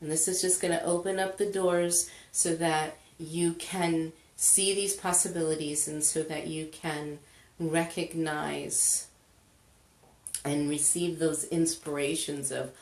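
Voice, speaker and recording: A woman leading a live money-clearing session, chatty and casual, greeting viewers as she goes. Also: sits low, steady tone, a little mellow. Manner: chatty, slow, greets viewers, laughs often. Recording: echoey room.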